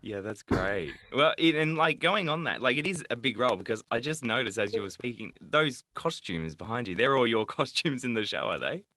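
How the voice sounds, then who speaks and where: Lively podcast host. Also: female voice, rumbling low, no room sound, clean studio sound. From Australia. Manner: chatty, quick to laugh. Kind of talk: casual interview chat.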